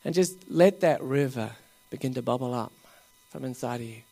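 A man preaching at a revival meeting, laughing often as he coaxes the crowd and rises to loud bursts. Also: medium pitch, moderate pace, creaky.

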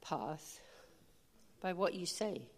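A woman's voice: lowish voice, expressive, drawn-out words. A woman preaching an informal sermon, chatty and humorous, with emphatic declarations. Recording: hall reverb.

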